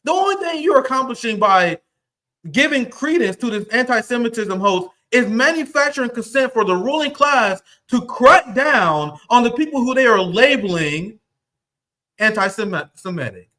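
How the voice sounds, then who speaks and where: A man's voice: extremely high pitch, expressive, moderate pace, pushed and bright. A man hosting a livestream, delivering angry, profane commentary in a heated rant. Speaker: livestream host.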